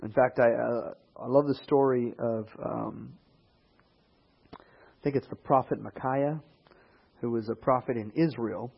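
A man with a slightly husky voice preaches a sermon. His delivery is animated, and he slips into quoted voices and rising emphasis. The recording sounds a little dull and lo-fi. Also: medium pitch, unhurried, pauses often.

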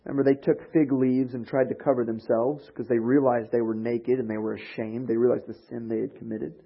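Husky male pastor preaching animatedly. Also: mid-range voice, fairly quick. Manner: animated storytelling, acting out quoted voices. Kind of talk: sermon. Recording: dull lo-fi recording.

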